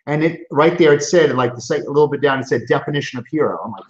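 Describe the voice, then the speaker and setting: A man's voice: fairly high pitch, fast talker, few pauses. Man, middle-aged, motivational webinar host, emphatic, many restarts, echoey room, muffled lo-fi sound. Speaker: chiropractor and coaching group founder. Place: his office. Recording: roomy, dull lo-fi sound.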